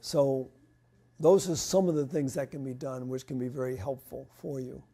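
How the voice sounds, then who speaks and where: A man's voice: mid-range voice, steady tone, normal speed, warm tone, slightly rough. A man giving health advice as he answers audience questions, practical and loose, often stopping to restart a sentence. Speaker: health lecturer.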